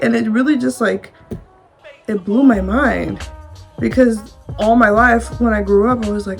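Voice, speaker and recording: A woman's voice: a little high, fairly even intonation, unhurried, vocal fry, faint music behind. A young woman, telling a personal story to the camera in a candid, chatty way, with filler words and casual swearing. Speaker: vlogger.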